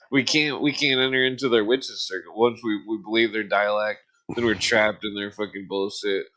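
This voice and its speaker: A man's voice: fairly low pitch, steady tone, measured pace, pauses often, pushed and bright. A man co-hosting a podcast in loose, profane casual chat, laughing often. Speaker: podcast co-host.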